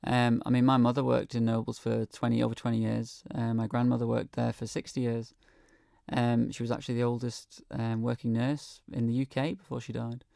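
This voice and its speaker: A man's voice: medium pitch, completely flat delivery, brisk, gravelly, warm tone, no room sound, studio quality. A man speaking as a guest in a radio interview, earnest and hesitant, with many ums. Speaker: guest, hospital patient. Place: radio studio.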